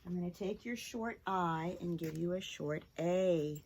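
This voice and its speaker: Teaching phonics to children, a woman talks in a clear, encouraging way and sometimes bursts into song with the kids. She has a lowish, somewhat dark voice and keeps a measured pace.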